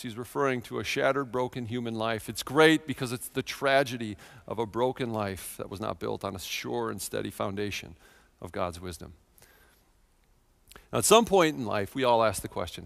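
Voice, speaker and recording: A man in his thirties preaching a sermon in a church, telling a personal story with earnest feeling and swings from quiet to loud. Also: mid-range voice, normal speed, vocal fry, big-room sound. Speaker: pastor.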